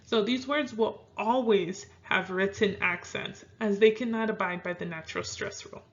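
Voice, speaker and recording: A woman teaching a video lesson, calm and clear, slowing down to spell out example words. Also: mid-range voice. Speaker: Spanish teacher. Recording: dull lo-fi sound.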